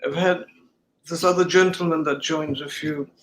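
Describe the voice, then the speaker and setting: A man's voice: a little high, steady tone, moderate pace, a little hiss or hum, rough recording. Hesitant man with a British-sounding accent. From United States. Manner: hesitant, many ums and restarts. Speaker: guest. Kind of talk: casual chat on a video call.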